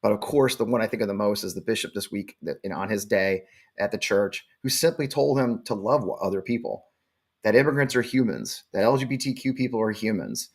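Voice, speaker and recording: A man's voice: fairly low pitch, animated, brisk. A man in his forties hosting a live show, blunt, defiant and profane. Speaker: show host.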